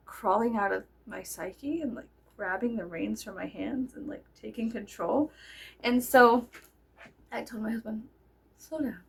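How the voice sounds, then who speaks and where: A woman telling a story in a casual way, animated and breaking into loud laughing shouts. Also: a little high, gravelly, husky.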